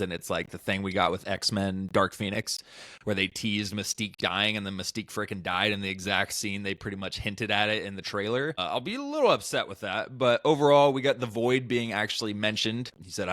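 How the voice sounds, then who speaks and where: Podcast host, male, low voice, dry close sound, relaxed and rambling. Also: no echo. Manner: relaxed, rambling, leads the talk. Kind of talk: casual chat.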